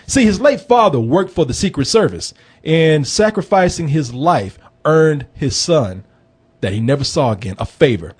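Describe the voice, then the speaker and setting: A man hosting a movie review podcast, talking in an animated, joking, profane casual chat. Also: fairly high pitch, moderate pace, slightly rough.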